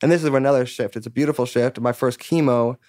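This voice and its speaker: Guy around 30 on a podcast, rambly and candid, says like a lot, swears, dry close sound, middle pitch. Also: fairly even intonation, fast, a little mellow, no echo. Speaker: musician guest. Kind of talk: casual podcast interview chat.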